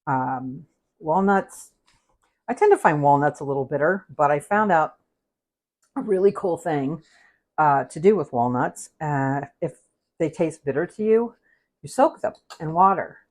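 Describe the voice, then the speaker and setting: A chatty woman with a low voice hosts a casual cooking livestream from her home kitchen. She talks through the recipe with loose, rambling asides and laughs easily. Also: animated, measured pace, darkish tone. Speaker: cooking show host.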